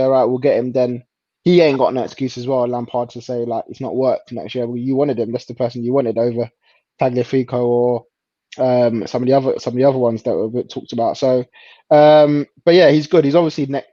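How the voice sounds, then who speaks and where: A man's voice: mid-range voice, little pitch movement, fairly quick, dark tone, no echo. Guy on a footy stream, chill and unsure, dry muffled audio. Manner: laid-back, hesitant, laughs often. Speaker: co-host. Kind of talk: casual football chat.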